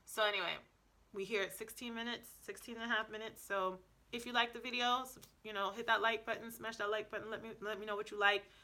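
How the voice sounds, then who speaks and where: A woman's voice: mid-range voice, fairly even intonation, quick pace, pushed and bright. A woman talking casually to camera in a sassy, chatty language-learning vlog, with lots of ums and restarts. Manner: chatty, sassy, talks straight to viewers with quoted asides. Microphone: camera mic, indoors before a backdrop.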